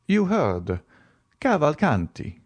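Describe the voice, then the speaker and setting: A man voicing a composed, worldly nobleman who speaks in a smooth, measured, knowing way, in an audiobook reading. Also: a little high, wildly swooping pitch, pitched above the performer's own voice, exaggerated voice. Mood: assured. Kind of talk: audiobook character voice.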